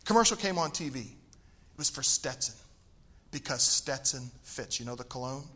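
A middle-aged man from Tennessee preaching a sermon, telling a funny personal story and swinging from quiet asides to loud, emphatic bursts. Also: medium pitch, expressive, normal speed, slightly rough.

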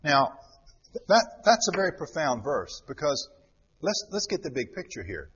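A man's voice: a little high, very animated, normal speed, a bit bright, slightly rough. A man preaching a sermon dramatically, repeating words for emphasis, recorded in a church. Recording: dull lo-fi sound with long hall reverb.

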